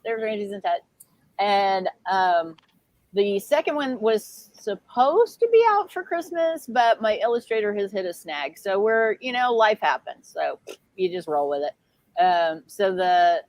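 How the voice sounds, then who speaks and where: A woman's voice: mid-range voice, animated, a little slow, darkish tone, dry recording. A middle-aged woman, a children's author, chatting casually on a video call from a small RV, with lots of fillers and laughs. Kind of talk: casual livestream chat. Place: small RV with pets.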